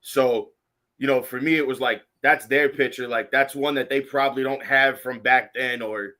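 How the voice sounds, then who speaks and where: Casting: young adult man, middle pitch, sincere and reflective co-host, loose chatty fillers. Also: fairly even intonation, normal speed, bright, forceful tone. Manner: earnest, reflective, many fillers like "you know" and "like". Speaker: podcast co-host. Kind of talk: casual chat.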